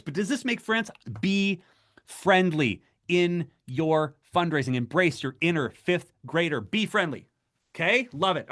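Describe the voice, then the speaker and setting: A middle-aged man presenting a fundraising webinar, speaking emphatically and urging his listeners on. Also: on the high side. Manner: emphatic, exhorting, animated. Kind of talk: motivational webinar talk.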